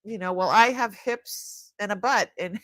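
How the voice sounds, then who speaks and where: A woman's voice: medium pitch, unhurried, fairly bright tone, no echo. A middle-aged woman hosting a live jewelry sale, chatting casually with her viewers, often laughing and trailing off mid-sentence. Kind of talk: casual live-stream chat.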